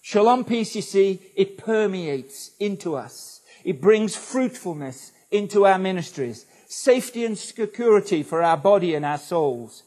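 A man delivering a sermon to his congregation. His voice sits somewhat high for a man, and he leans on repeated words for emphasis while speaking directly to the listeners. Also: a little mellow. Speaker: pastor.

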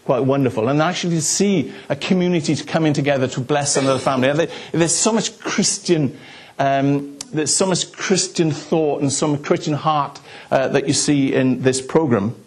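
A Welsh pastor preaches a sermon, telling stories in a chatty way and making asides to his congregation. His voice is slightly high and his speed normal, with a faint hiss or hum in the recording.

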